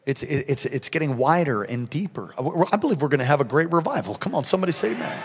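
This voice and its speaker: A man's voice: a little high, lively intonation, quick pace, slightly rough. Preaching man in a reverberant hall. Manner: emphatic storytelling preacher, swings from hushed to shouting. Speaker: pastor. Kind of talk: sermon.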